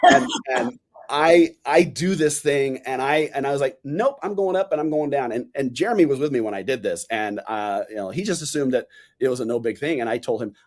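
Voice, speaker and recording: A man in his forties, a podcast guest, chatting casually and telling animated stories in which he acts out the voices he quotes. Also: mid-range voice, a little fast. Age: 40s. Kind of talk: casual interview chat.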